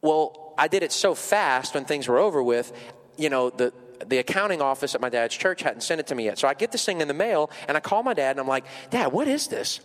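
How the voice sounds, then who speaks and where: Guy preaching in a big echoey church, kinda high voice, chatty, lots of you knows. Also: lively intonation, a little fast. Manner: conversational, many fillers, rises high and emotional at peaks. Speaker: pastor. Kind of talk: sermon with personal story. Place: large church sanctuary. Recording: reverberant church sanctuary.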